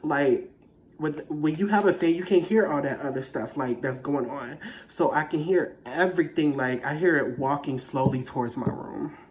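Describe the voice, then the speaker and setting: A vlogger casually telling a personal story in a dramatic, animated, slangy way. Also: mid-range voice, normal speed, slight background noise. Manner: slangy, conversational.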